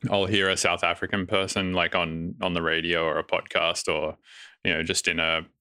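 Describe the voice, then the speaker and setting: A laid-back Australian man talking with a very low, deep voice. His tone is bright and crisp, and he drops casual swearing into an easygoing podcast chat. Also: flat delivery, normal speed, no echo, studio quality. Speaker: podcast guest.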